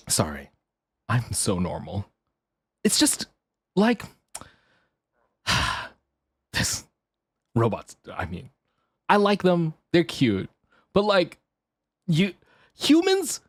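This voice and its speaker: A man's voice: a little high, dry recording, clean studio sound. A man streaming casually as a VTuber. He swears, laughs often and rants half-jokingly. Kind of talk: casual live-stream chat.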